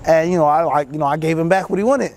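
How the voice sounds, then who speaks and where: A man, an Islamic teacher, telling a personal story in a casual, animated way and acting out other people's lines. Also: a little high, quick pace. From United States. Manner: casual, many fillers like "you know".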